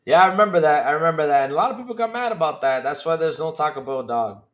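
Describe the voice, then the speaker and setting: Fast and lively, a fairly high-pitched male host bounces through a casual podcast livestream, reacting to chat comments. He keeps things loose, circles back to the same points, and laughs and curses often.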